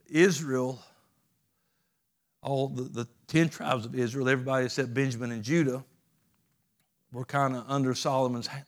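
A man preaching a sermon as pastor, plainspoken and folksy, raising his voice for emphatic calls to the congregation. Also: medium pitch.

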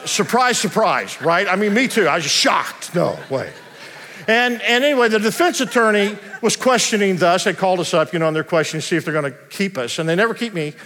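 A man preaches to his congregation, trading casual, joking storytelling for slow, emphatic preaching. His voice rings out with a long reverb through a large church sanctuary. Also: high voice, animated, a bit bright. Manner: storytelling, conversational and humorous, slows down to preach. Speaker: pastor. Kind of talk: sermon.

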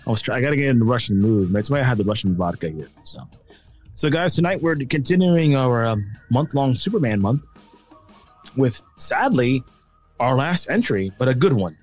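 A man's voice: mid-range voice, animated, moderate pace, a little mellow, soft background music. A middle-aged man hosting a casual movie chat over a video call, upbeat and chatty, often correcting himself. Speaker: podcast host.

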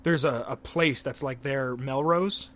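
A young man from Pennsylvania co-hosting a casual podcast, rambling and excitable and swearing a lot. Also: medium pitch, a little slow. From Pennsylvania, USA. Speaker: podcast co-host.

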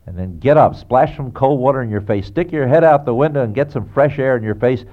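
A man's voice: medium pitch, fairly quick. A man preaching biblical counsel in a sermon style, talking earnestly and directly to the listener with rhetorical questions. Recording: dull lo-fi recording.

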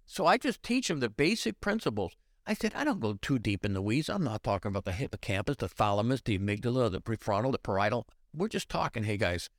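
Older man, retired police trainer, dry close podcast sound, acts out dialogue with voice changes, mid-pitched. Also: dry recording. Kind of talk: animated podcast interview.

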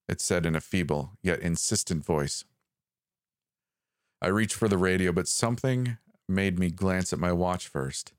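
A man with a very deep, low voice reads a first-person horror story calmly and in a measured way. The recording is dry and close, with no room sound.

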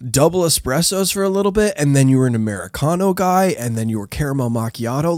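Rambling, expressive tabletop player. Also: male voice, on the high side, brisk, no echo, studio quality. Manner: rambling, filler-heavy. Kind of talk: playing a tabletop game.

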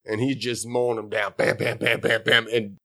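Man calmly summarizing a plot. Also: on the low side, normal speed, gravelly, no echo, studio quality. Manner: steady plot summary with short agreeing replies. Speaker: podcast co-host recapping an episode. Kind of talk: casual chat.

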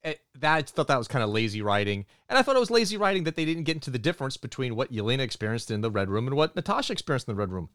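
Animated man recapping a movie. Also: mid-range voice, very fast, few pauses, dry recording, clean studio sound. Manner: animated storytelling, acts out character quotes. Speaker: podcast co-host.

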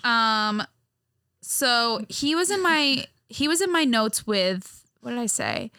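A woman co-hosting a podcast in a small studio, chatting casually, animated and quick to laugh. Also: fairly high pitch, clear, resonant tone, dry recording. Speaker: podcast co-host. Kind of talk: casual chat. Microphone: studio microphone.

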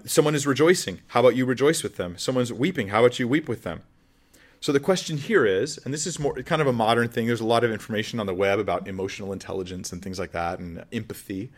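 Brief: pastor, man, mid-pitch, earnest, conversational Bible teaching with questions to the listeners. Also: fast talker.

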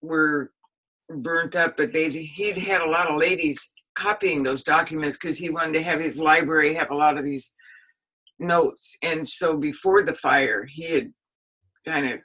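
A woman's voice: low-pitched, steady tone, unhurried, bright, forceful tone, husky, low-quality recording. An older woman, a historian and author, recalling stories in a rambling, anecdotal interview with frequent laughter. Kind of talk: casual spoken recollection.

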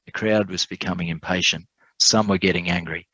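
A low-voiced male preacher tells a sermon story earnestly and slows down to stress key lines. The sound is dry and close. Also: fairly even intonation, sharp tone, slightly rough, dry recording, poor audio.

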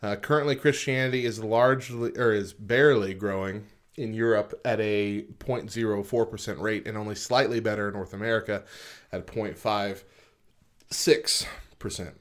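A man with a somewhat low voice co-hosts a casual podcast chat. He reads numbers from a list, pausing often on "uh", then breaks off into relaxed comments of his own. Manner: reads figures from a list with frequent "uh" pauses, then comments informally. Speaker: podcast co-host. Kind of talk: casual podcast chat, reading statistics aloud.

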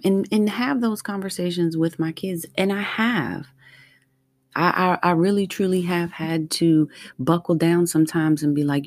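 Low, dark-voiced woman sharing earnestly. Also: fairly even intonation, no echo. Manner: earnest, heartfelt, slow and deliberate. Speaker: vlogger. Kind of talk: personal reflective monologue.

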